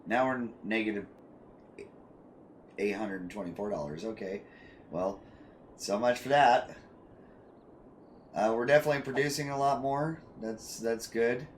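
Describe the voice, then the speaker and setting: A man with a fairly low voice talks through his city-building game on a relaxed stream, musing aloud and tossing questions to his chat. He sounds like he is at a home desk mic, with a faint hiss of background noise under his voice. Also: normal speed, pauses often. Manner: relaxed, thinks aloud and asks chat for ideas. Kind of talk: casual gameplay commentary.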